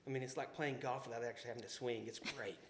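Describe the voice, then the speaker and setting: A podcast co-host with a Southern US accent tells rambling, folksy stories in casual chat, full of restarts, asides, and "you know." His mid-range voice is steady and fast. The recording has a roomy echo, faint background ambience, and noise.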